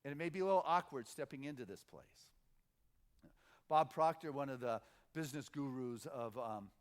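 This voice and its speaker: A man's voice: mid-range voice, normal speed. A middle-aged male minister giving an informal, conversational sermon at a spiritual center, stopping and restarting, then building momentum through repeated phrases.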